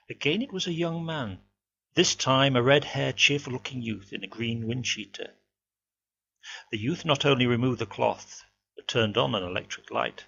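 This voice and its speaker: A man narrating a ghost story in a measured, expressive way, in a dull lo-fi home recording with a faint hum. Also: medium pitch, gravelly, slightly rough.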